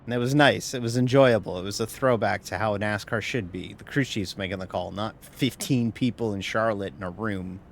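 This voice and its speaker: A man's voice: on the low side, fairly quick, vocal fry, few pauses, slight background noise. A tired man giving casual, rambling live-stream commentary while sim racing, wry and swearing now and then. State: tired, yawning.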